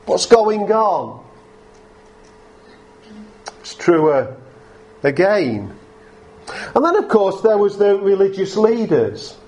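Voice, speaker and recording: A man preaching a sermon to a congregation, talking in an unhurried way with frequent fillers and restarts. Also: high-pitched, very animated, darkish tone.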